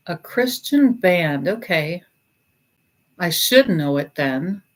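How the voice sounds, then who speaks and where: A middle-aged woman on a casual livestream, gently and sympathetically chatting with viewers while thinking aloud through many pauses. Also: on the low side, expressive. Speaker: livestreamer taking song requests. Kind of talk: casual live-stream chat.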